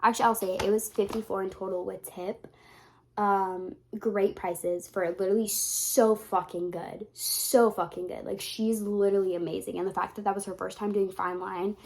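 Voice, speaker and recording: A woman's voice: medium pitch, steady tone, moderate pace. A young woman talks casually to her vlog audience. She rambles from one thought to the next and swears freely. Her voice carries emotion, as if tears are never far away. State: tearful at times. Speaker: vlogger.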